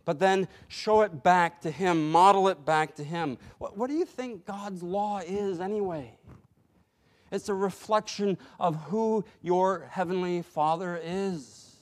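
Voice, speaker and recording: A man preaching a sermon in a slow, deliberate way, pausing for emphasis. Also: high voice. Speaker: pastor.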